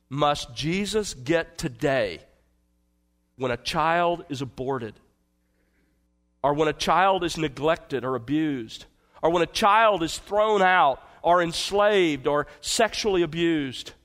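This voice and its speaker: A male pastor preaching an expository sermon in an earnest, emphatic way, swinging from forceful to hushed. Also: on the high side.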